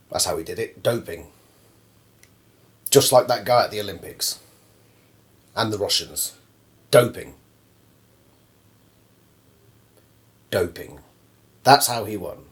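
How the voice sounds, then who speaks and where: A man voicing a smug, boastful male robot contestant with a pompous manner and a deep voice. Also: a little slow, pauses often, natural voice. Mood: sulky. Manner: pompous, sore loser muttering accusations.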